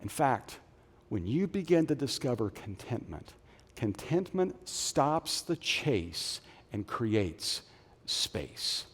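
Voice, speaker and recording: A middle-aged man preaching a sermon as a pastor, animated, moving between loud punchy lines and soft low phrases. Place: church auditorium. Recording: long reverb of a large hall.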